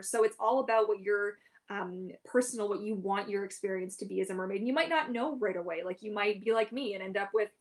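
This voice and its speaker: A woman's voice: mid-range voice, fairly quick. A woman hosting a casual live Q&A as a mermaid performer, chatty and giggly, with lots of "like" and "um". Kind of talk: casual livestream Q&A.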